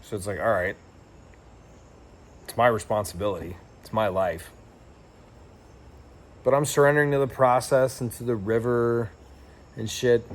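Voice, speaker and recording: A young man telling a travel story in a casual, rambling and reflective way, with lots of fillers and restarts. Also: medium pitch. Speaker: travel vlogger.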